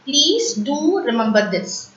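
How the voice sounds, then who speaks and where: High-voiced woman teaching slowly in a roomy space. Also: big pitch swings, a bit bright. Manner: slow, patient, repeats words for learners to copy. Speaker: French teacher. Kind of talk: beginner language lesson. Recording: roomy, distant, dull lo-fi recording.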